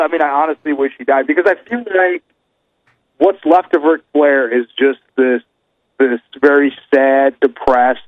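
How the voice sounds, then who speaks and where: A man's voice: medium pitch, no room sound. A man co-hosting a podcast, talking bluntly with plenty of profanity and emphasis. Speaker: podcast co-host. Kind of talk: casual chat. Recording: dry, slightly dull lo-fi.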